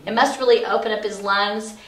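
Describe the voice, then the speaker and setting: Speaking a touch quickly at a medium pitch with fairly level intonation, this middle-aged woman gives a loose, filler-heavy lesson on essential oils. The office recording sounds echoey, and she's a good distance from the microphone.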